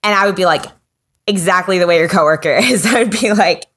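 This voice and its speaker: A woman hosting a podcast, talking in a relaxed, reflective way with easy laughter. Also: lowish voice, fairly quick. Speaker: podcast host. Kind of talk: casual interview chat.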